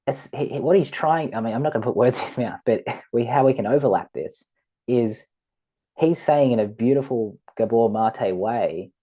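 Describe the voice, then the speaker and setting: Low, mellow-voiced man teaching. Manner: rambling, animated, acts out quoted voices, laughs often. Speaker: spiritual teacher. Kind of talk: casual teaching talk.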